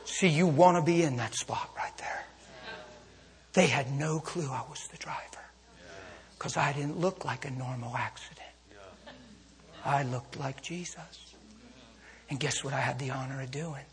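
A male preacher telling a story in a sermon to a congregation, moving between intimate hushes and fervent calls. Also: medium pitch, a little slow, long pauses. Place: church service with a congregation. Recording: long hall reverb.

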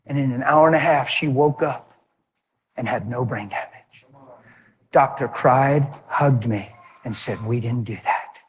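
A man preaching a sermon, telling a personal story and acting out the voices of people in it, shifting between forceful delivery and hushed tones. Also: medium pitch, unhurried, long pauses, slightly rough, big-room sound. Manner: acts out dialogue, swings from loud to hushed.

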